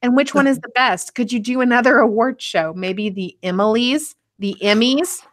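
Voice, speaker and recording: A woman reading listener questions aloud to podcast hosts in a brisk manner. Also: on the high side. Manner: brisk, reads with filler "um, okay".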